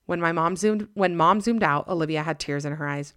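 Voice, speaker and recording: A woman podcast host narrating a scary story in a measured, dramatic reading. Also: deep voice, fairly bright tone, no echo, studio quality.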